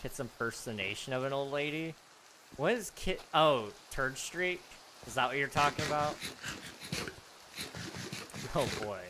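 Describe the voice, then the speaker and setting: A man's voice: medium pitch, animated, a little slow, pauses often, noisy background. A man streamer chatting casually to viewers, rambling and self-deprecating, laughing now and then. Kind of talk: casual live stream chat.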